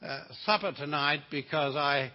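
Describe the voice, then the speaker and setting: A man's voice: fairly high pitch, moderate pace. An older man with a New Zealand accent preaching a sermon as a guest preacher, telling stories with humor and asides. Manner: folksy storytelling with asides and humor. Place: church sanctuary. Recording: lo-fi sound in a reverberant church.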